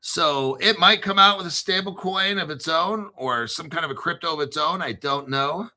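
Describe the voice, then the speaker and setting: A man's voice: fairly high pitch, normal speed, bright, forceful tone. A man hosting a casual crypto livestream, rambling through long lists of names and swearing freely as he chats with viewers. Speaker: crypto show host.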